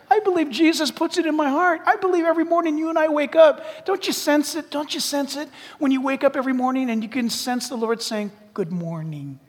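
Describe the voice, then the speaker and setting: Casting note: middle-aged man preaching a lively, joking sermon, high voice, long hall reverb. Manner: animated, humorous, dropping to hushed asides. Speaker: pastor. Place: church sanctuary.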